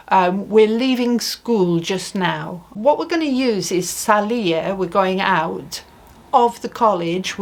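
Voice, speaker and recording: Her voice mid-range and her pace deliberate, a Spanish teacher walks through a spoken language lesson without hurrying. She keeps posing questions and modeling each phrase, patient with the listener.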